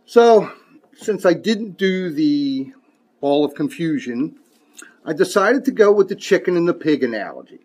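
A man's voice: on the high side, lively intonation, measured pace, a little mellow. A man preaching a sermon who reads scripture aloud emphatically and mixes in folksy, casual asides.

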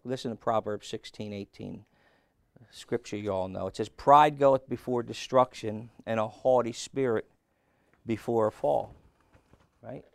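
A man's voice: medium pitch, vocal fry, no echo. A man preaching a sermon who keeps asking the congregation questions, raising and dropping his voice as he goes.

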